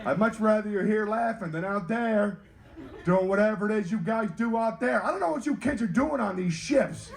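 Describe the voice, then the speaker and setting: A stand-up comedian from North Carolina, USA, performs a clean set on a cruise ship stage in a high, creaky voice at a moderate pace. He's animated, teasing the audience and bantering with kids.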